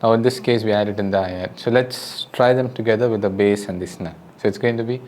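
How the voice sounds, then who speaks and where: This drum teacher has a fairly low voice and an Indian English accent, and he speaks quickly. Over loud drums and music, with a little hiss or hum on the recording, he counts beats and guides the listener step by step in a relaxed, patient, friendly manner.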